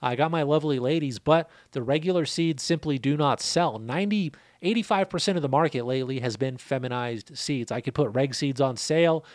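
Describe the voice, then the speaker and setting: This seed breeder answers a viewer's question on his own channel, relaxed and casual, with the odd swear word and a run of figures. His medium-pitched, darkish voice moves a little fast with hardly any pauses. The studio sound is clean and echo-free.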